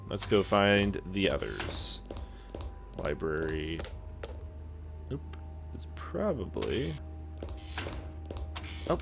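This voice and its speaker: Low-voiced male let's player. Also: vocal fry, a bit bright. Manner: self-deprecating, playful, reads in a solemn voice. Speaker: let's play host. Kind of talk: casual gameplay commentary and reading aloud.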